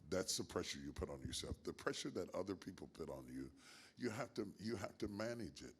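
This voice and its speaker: An older man with a grandfather's years, a pastor answering interview questions in a measured, emphatic preaching cadence with repeated phrases. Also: low-pitched, lively intonation, breathy edge. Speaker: guest pastor.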